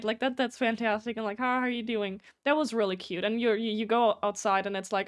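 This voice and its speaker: A young woman with a fairly high voice chats on her live stream. She rambles through stories, restarts her sentences and swears freely, stopping to greet viewers by name. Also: fairly even intonation, a little fast, few pauses. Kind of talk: casual live-stream chat.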